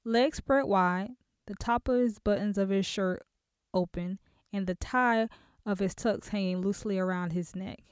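A woman narrating a romance novel in a measured, expressive storytelling manner, close to a studio mic. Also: medium pitch, clear, resonant tone, no room sound. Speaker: audiobook narrator. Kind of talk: scripted narration.

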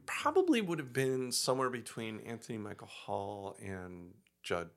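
A man's voice: fairly low pitch, sing-song, moderate pace, a bit bright. A man co-hosting a casual podcast who teases his partner and laughs often. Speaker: podcast co-host.

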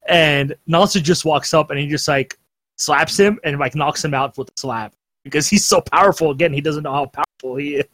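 A young man hosting a podcast chat, recapping episodes in a loose, rambling way and laughing often. His voice sits a little high for a man. The recording is close and dry with no room sound. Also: a little fast, fairly bright tone, no echo. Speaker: podcast host. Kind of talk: casual anime recap chat.

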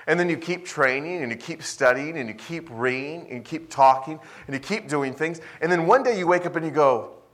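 A male pastor preaching a sermon, swinging between loud emphasis and quiet asides. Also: a little high, brisk.

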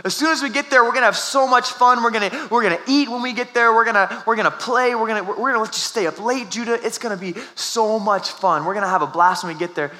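A man's voice: high voice, quick pace, hardly any pauses, bright, forceful tone. A young adult man preaching a sermon as pastor, telling a family story in a conversational way with restarts.

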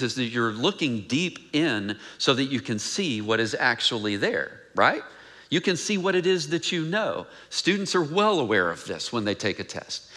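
A male pastor preaching a sermon in a conversational way, asking the congregation questions and reading scripture aloud in a quieter, lower voice.

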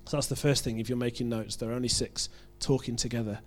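A man from the UK with a British accent, preaching a sermon in a relaxed, conversational way, joking at his own expense and often restarting his phrases. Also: mid-range voice, quick pace. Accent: British English. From United Kingdom. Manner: conversational, self-deprecating, with frequent restarts.

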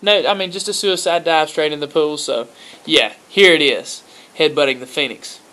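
A man's voice: a little high, moderate pace, bright, forceful tone. A man co-hosting a comedic radio show, teasing his partner and introducing segments. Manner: laughing, teasing sidekick. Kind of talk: casual comedic radio banter.

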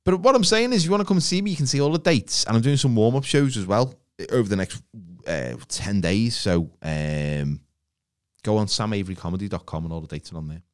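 Lively-pitched man bantering. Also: smooth. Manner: bantering, swears freely, quick asides. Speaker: comedian and podcast co-host. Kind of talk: casual comedic banter.

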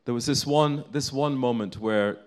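A man's voice: medium pitch, normal speed, a little mellow. A man preaching a sermon, telling a story in an earnest, building way.

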